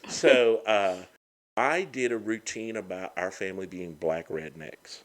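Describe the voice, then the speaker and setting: A man's voice: deep voice, a little slow. A middle-aged man, a comedian guest telling stories in a casual chat. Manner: animated, lively storyteller.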